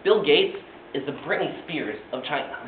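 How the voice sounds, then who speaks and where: A man's voice: a little high, animated, normal speed, heavy background noise. A young man giving an earnest class presentation with frequent filler sounds, recorded from far off in a classroom. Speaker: student giving a class speech. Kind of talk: presentation speech. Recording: distant tinny echoey classroom recording.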